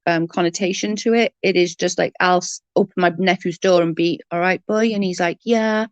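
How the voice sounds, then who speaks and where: A woman's voice: fairly low pitch, steady tone, a little fast, no echo, muffled recording. A woman with a Welsh accent chatting casually on a live stream, greeting viewers by name in an earnest, emotional way. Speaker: livestream host.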